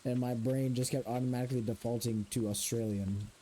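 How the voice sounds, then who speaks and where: A man's voice: mid-range voice, steady tone, a little fast, mellow. A young man streaming a farming game, chatting casually with his chat and playfully repeating a grunting villager noise. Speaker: gaming streamer. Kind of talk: casual live-stream chat while gaming.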